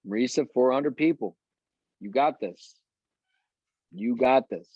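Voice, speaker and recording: A man's voice: medium pitch, unhurried, darkish tone, breathy edge, no echo, lo-fi sound. A man coaching a sales team on a video call, talking eagerly and rambling with lots of fillers.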